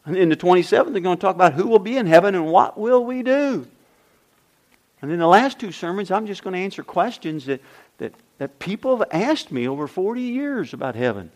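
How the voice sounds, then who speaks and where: A man's voice: high voice, lively intonation, fairly quick, darkish tone. An older man preaching a sermon as pastor, emphatic, with repeated refrains and rhetorical questions.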